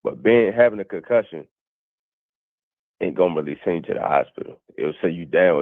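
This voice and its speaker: A man's voice: rumbling low, no room sound. A man calling in to a casual boxing debate, blunt and profane, often talking over the others. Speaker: caller on a boxing show. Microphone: phone call. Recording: dry tinny phone line.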